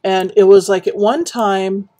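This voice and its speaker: A woman chatting casually while building in a game, rambling and reminiscing with many pauses and fillers. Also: medium pitch, steady tone, dark tone. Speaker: Minecraft streamer.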